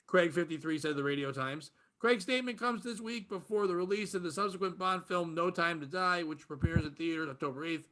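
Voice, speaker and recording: A man with a fairly high voice hosts a comedy podcast. He rants with plenty of profanity, dropping into low mutters and then bursting out loud. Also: a little fast, few pauses. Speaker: podcast host. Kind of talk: casual comedy podcast rant.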